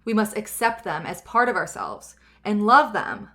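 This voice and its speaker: A woman in her thirties talks through a self-help podcast episode in a loose, rambling way. She keeps reaching for fillers and circling back on her points. Her tone stays earnest and gentle, and her voice sits at an ordinary middle pitch. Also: sing-song, normal speed. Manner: chatty and rambling, many fillers. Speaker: podcast host.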